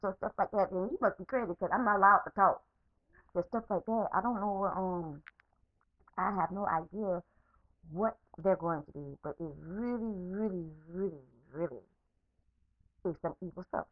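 A woman's voice: mid-range voice, normal speed, dry recording, narrow, tinny audio. A woman podcaster in an angry, unscripted rant, swearing heavily and repeating herself, recorded as a phone voice message. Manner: profane, repetitive, heated.

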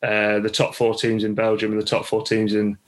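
English rugby coach, flat-toned storyteller. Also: male voice, on the low side, fairly quick, low-quality recording. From England. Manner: chatty, with many restarts and laughs. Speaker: rugby academy coach, podcast guest. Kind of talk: casual interview storytelling.

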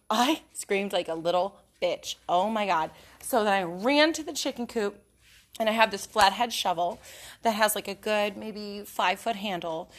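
A woman's voice: mid-range voice, a bit bright. Chatty woman, laughing often. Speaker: vlogger. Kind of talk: casual chat. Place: outdoors on a porch in the country.

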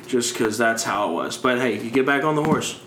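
Brief: young male co-host, hype and excitable, echoey room with a faint hiss. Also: mid-range voice, brisk. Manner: excitable, hype, talks in bursts. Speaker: podcast co-host. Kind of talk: casual sports betting chat. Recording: echoey room with background noise.

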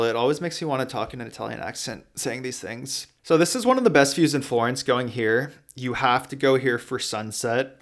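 A man talks through a travel vlog in a relaxed, chatty way, his voice smooth and resonant. He sits at a middle pitch for a man and now and then slows down to spell out a name. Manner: chatty and relaxed, spells out place names letter by letter. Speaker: travel vlogger. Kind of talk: casual travel vlog narration.

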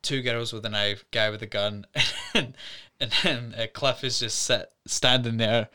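A man talks through a film with a bright, crisp voice, like a co-host on a casual studio review show. He tells it as an animated story, stumbling over fillers and chuckling as he goes. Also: mid-range voice, measured pace. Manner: animated storyteller, retells scenes with fillers and laughs. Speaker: podcast co-host.

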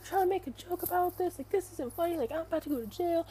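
A woman voicing a panicking, furious teenage boy who yells and rants defensively. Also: very high voice, fast talker, a little hiss or hum, pitched above the performer's own voice. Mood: angry ranting. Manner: yelling, ranting, defensive.

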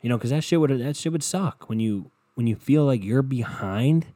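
A young man talks straight into his podcast mic from his bedroom, rambling, cursing and working himself up into passionate rants. His voice is dark and mellow, recorded close and dry with no room sound. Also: medium pitch, expressive, moderate pace, dry recording. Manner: rambling, profane, impassioned. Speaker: podcast host. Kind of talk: solo podcast monologue. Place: bedroom at home.

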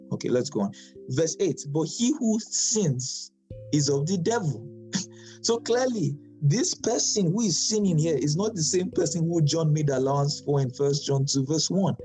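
Man, Bible teacher, mellow voice, conversational, repeats phrases for emphasis, faint music behind. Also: on the high side. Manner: conversational, repeats key phrases for emphasis, asks the audience questions.

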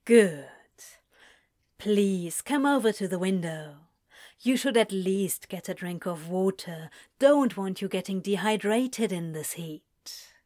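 A woman voicing a flirtatious man who teases in a low, slow drawl on the phone. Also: lively intonation, a little mellow, no echo, studio quality. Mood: teasing. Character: flirtatious male seducer on the phone.

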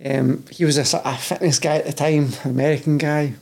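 A Scottish man in his thirties chats openly as a podcast guest. His voice sits a touch high, with a husky, gravelly edge. He swears casually and keeps calling the host "mate". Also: steady tone, fairly quick, darkish tone. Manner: candid, sweary, says "mate" constantly. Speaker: guest, personal trainer.

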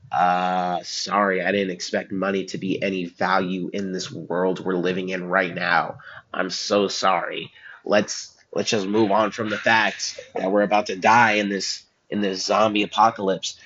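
A teenage boy hosts a solo podcast from a school room, rambling on tangents and making self-deprecating jokes. His voice sits low, with a steady tone, a breathy edge, and a slightly slow pace. The recording is muffled and lo-fi.

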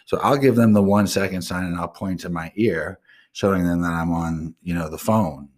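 A deep, low-pitched man rants on his own live stream show, cursing in nearly every sentence. He talks in blunt, casual slang and drifts into loose asides. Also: steady tone, moderate pace, darkish tone. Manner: swears constantly, blunt and ranting. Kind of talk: profane solo rant.

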